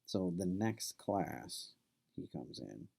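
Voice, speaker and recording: Low gravelly-voiced male professor. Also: big pitch swings, slow, dark tone. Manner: casual and conversational, loose with fillers. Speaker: college professor. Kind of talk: classroom lecture with anecdote.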